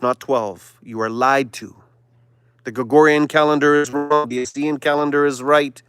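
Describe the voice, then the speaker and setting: A man's voice: a little high, smooth, no room sound. Impassioned man preaching on a livestream. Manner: impassioned, swings from loud declarations to hushed whispers. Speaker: livestream host. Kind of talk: preachy conspiracy monologue.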